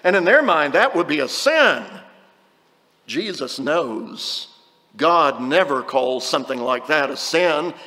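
A man's voice: on the high side, sharp tone, big-room sound. A man preaching a conversational sermon, reading scripture and acting out short quotes.

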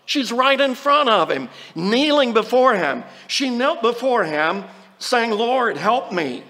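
A high-pitched man teaches from the Bible in an earnest, explanatory sermon, slowing right down whenever he reads a verse aloud. His voice carries a long reverb, as if it were spoken in a large hall. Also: lively intonation, sharp tone. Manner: earnest, explanatory, slows down to quote scripture. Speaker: preacher.

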